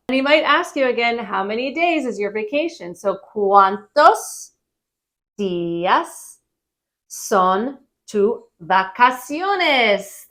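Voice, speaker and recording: A woman giving a casual travel-phrase lesson, friendly and repeating phrases slowly for learners. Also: a little high, a bit bright. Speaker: Spanish teacher.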